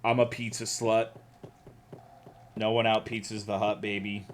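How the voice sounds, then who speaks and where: A man's voice: fairly low pitch, little pitch movement, a little slow, slight background noise. A young American man streaming a game, chatting casually and ranting with lots of swearing while reading chat aloud. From United States.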